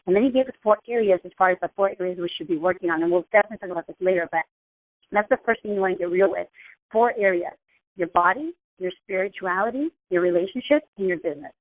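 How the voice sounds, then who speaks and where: A woman hosts a motivational talk in a loose, chatty way, circling back and repeating her points. Her voice sits a bit low. The sound is thin and tinny, as if heard over a phone call. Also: quick pace, dry recording. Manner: casual, chatty, repeats herself. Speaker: host.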